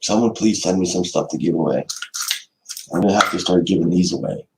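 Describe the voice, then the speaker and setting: A man's voice: low-pitched, a little fast, gravelly, noisy background. A man hosting a casual coin giveaway live stream, joking, swearing a lot and breaking into mock-angry outbursts. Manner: profane, joking, bursts of mock anger. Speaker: coin channel host.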